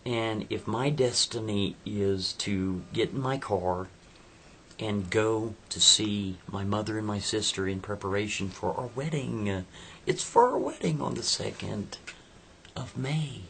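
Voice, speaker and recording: A man voicing a skeptical, devout young woman in a spoken story, her tone incredulous and rising to shrill. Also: a little slow, creaky, fairly bright tone, a little hiss or hum. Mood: firm.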